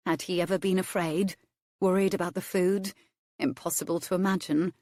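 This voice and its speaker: A woman reading a romance novel aloud as its narrator, measured and expressive. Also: on the low side, no echo, clean studio sound. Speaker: audiobook narrator.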